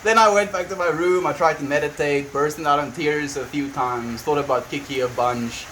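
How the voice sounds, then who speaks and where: Young guy rambling on his stream, slightly high voice, laughs a lot, faint hiss behind. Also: steady tone, normal speed, fairly bright tone, poor audio. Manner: rambling, laughs often, frequent restarts. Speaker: livestreamer. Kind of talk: casual chat, venting and reading chat. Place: at home on a farm.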